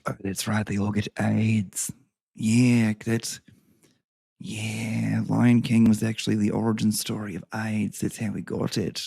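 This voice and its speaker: A man's voice: lowish voice, little pitch movement, unhurried, vocal fry, mellow, slightly rough. A man hosting a casual home vlog, rambling and joking with plenty of swearing as he reads aloud. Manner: rambling, profane, jokey. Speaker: host. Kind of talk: casual vlog chat and reading.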